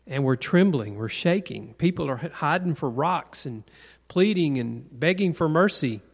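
Teaching a Bible class, a man preaches conversationally, asks the group questions and repeats key points to drive them home. His voice is on the high side, expressive and creaky, at a moderate pace, with long hall reverb.

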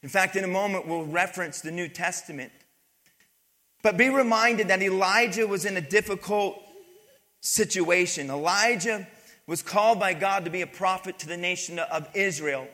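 A man's voice: high voice, normal speed, bright, forceful tone. A male pastor delivering a sermon, reading scripture and explaining it emphatically, with call-outs to the congregation. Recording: long hall reverb.

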